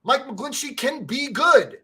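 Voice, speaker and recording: Rambling podcast co-host, man with a high, bright voice, stumbles over words, cusses a lot. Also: expressive, slow pace, breathy edge. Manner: rambling, stammers and repeats words, swears freely. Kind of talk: casual sports fan chat.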